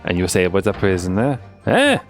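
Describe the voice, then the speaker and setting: A man voicing an excitable, shady male witness in a game, with a put-on foreign accent and a sing-song, pleading way of talking. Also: deep voice, brisk, faint music behind, exaggerated voice. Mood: indignant. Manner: theatrical, sing-song, pleading with 'eh?' tags.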